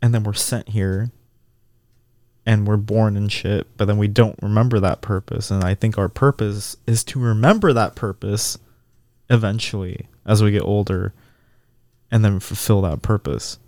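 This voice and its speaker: Podcast co-host, man, dark mellow voice, dry close mic, thoughtful and easygoing. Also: lowish voice, moderate pace, no echo. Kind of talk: casual podcast chat.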